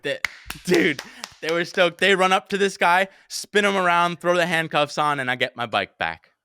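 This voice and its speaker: A young man hosting a podcast, casually telling a story with lots of swearing and animated quotes. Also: high voice, normal speed, smooth, dry recording, clean studio sound. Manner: animated, swears often, acts out his own panicked quotes.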